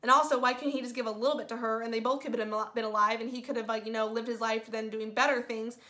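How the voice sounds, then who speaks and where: Woman host, fairly high voice, casual spoiler review, excitable and gushing, filler-heavy. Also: quick pace. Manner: gushing, excitable, says "like" constantly. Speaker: movie reviewer.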